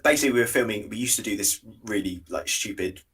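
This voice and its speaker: A young man talks at a quick clip in a slightly husky voice, sitting slightly low in pitch. He tells stories with animated energy in casual podcast chat and laughs at his own misfortunes. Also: recorded from a distance. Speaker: podcast co-host.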